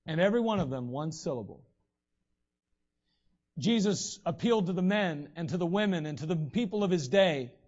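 Male preacher, high voice, emphatic and conversational, dull lo-fi recording. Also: darkish tone. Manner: emphatic, slow stressed scripture reading; conversational asides to the congregation. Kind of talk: sermon. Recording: dull lo-fi sound.

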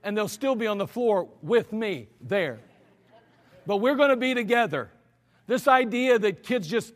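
A high-voiced man preaching a blunt, scolding sermon from the pulpit. His voice rings out with a long reverb through a church hall. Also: sing-song, normal speed. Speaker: pastor.

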